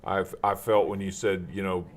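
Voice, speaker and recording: A man who works as a grow coach, talking in an earnest, measured, soft-spoken way on a casual talk show. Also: deep voice, flat delivery.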